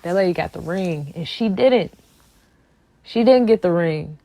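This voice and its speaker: A woman with a fairly low voice talks casually about a song, sassy and emphatic. She repeats her points for weight. Her voice is recorded close and dry. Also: expressive, unhurried, mellow, dry recording. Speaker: music commentary vlogger. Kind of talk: casual reaction commentary.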